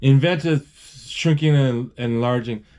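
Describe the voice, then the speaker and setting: A man's voice: mid-range voice, a little slow, darkish tone, clear, resonant tone. A man narrating a cartoon film live in a casual, rambling way, restarting words and reading out characters' lines. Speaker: movie describer.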